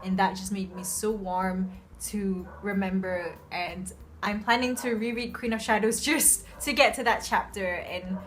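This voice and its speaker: A woman's voice: mid-range voice, unhurried, a little hiss or hum. Gushing young woman reviewing books. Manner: gushing, excitable, lots of fillers. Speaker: book reviewer. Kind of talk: casual book review chat. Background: soft background music.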